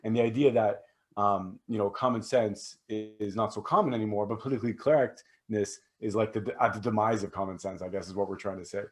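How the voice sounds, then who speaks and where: A man's voice: fairly low pitch, fairly even intonation, brisk. Guy cohosting a podcast, chatty and upbeat, kinda rambly. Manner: rambling, self-correcting, upbeat. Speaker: podcast co-host. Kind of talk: casual political chat.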